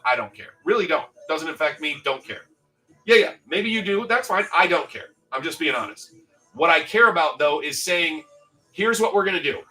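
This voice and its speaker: A man's voice: on the high side, sharp tone. A man hosting a livestream in casual chat, rambling and swearing as he reads out viewers' comments. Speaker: livestream host. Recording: distant mic with faint background music.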